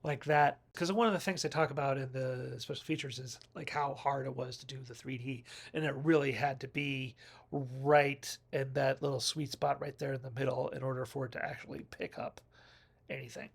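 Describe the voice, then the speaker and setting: A man's voice: mid-range voice, fairly even intonation, normal speed, vocal fry, slightly rough. A man rambling through a casual, jokey film review on his own video channel.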